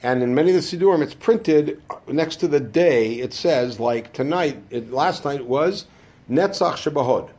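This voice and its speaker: A man teaching a Torah class, asking the room rhetorical questions and answering them himself, dropping into low asides and rising to emphatic high points. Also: normal speed, a little mellow, slightly rough, dull audio. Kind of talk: classroom lecture.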